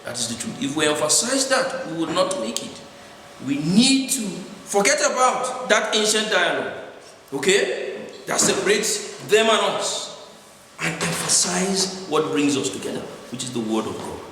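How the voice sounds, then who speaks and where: A man's voice: high-pitched, sing-song, normal speed, bright, forceful tone. A man preaching a sermon in a church hall, checking in with his listeners after each point. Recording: echoey hall with long reverb, faint noise.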